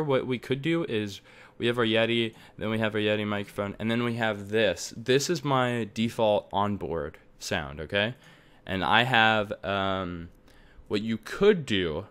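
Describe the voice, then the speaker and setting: Speaking into a desktop USB mic at home, a young tech tutorial maker wanders through an explanation of recording setups, peppered with fillers and side comments. His voice is fairly low, clear, resonant, and a bit bright.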